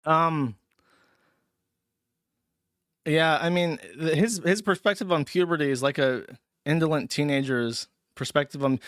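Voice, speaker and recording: A man's voice: fairly high pitch, moderate pace, fairly bright tone, no room sound, studio quality. A man hosting a livestream, reading viewer messages aloud and answering them with blunt, profane, mocking commentary.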